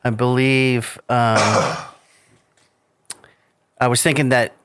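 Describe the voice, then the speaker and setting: A man hosts a podcast in a loose, joking way, stopping often to restart his sentences. His voice is mid-pitched and sits close to the mic with a dry, unroomy sound. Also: flat delivery, fairly bright tone, clear, resonant tone, dry recording. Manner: joking, loose, halting with fillers. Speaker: podcast host. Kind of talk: casual interview chat.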